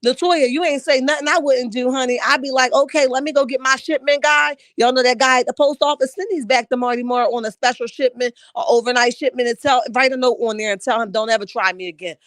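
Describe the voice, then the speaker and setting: Woman livestream host, sassy and emphatic, fairly high voice, dry close mic. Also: fairly even intonation, fast talker, few pauses, fairly bright tone, no room sound. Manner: sassy, emphatic, talks back to chat. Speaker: livestream host reading chat. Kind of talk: casual livestream commentary.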